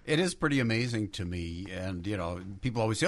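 A man's voice: fairly low pitch, animated, quick pace, hardly any pauses, pushed and bright, no room sound. A middle-aged man from the Chicago area, a guest on a radio show, telling jokey, self-mocking stories. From Chicago area, USA. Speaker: guest, TV horror host. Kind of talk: radio interview chat. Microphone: studio microphone.

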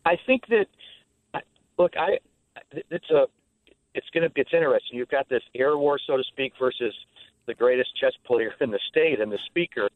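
A man speaking as a former state legislator guest in a radio interview, starting haltingly and then talking with animation. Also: medium pitch, dry recording. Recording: tinny dry phone line.

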